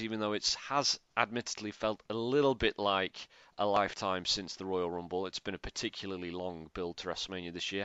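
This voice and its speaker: A man's voice: on the low side, pushed and bright, clean tone, no echo, muffled recording. A man hosting a podcast, talking in a chatty, rambling way. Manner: chatty, rambling, upbeat plugs. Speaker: podcast host. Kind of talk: casual podcast chat.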